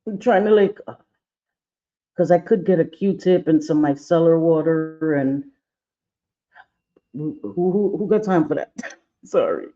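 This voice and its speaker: Brief: man, makeup livestream host, chatty and playful, fairly high, mellow, muffled lo-fi audio. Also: lively intonation, measured pace, long pauses. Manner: chatty, playful, scolds his own eye and brush aloud. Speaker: makeup vlogger. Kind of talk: casual makeup tutorial livestream.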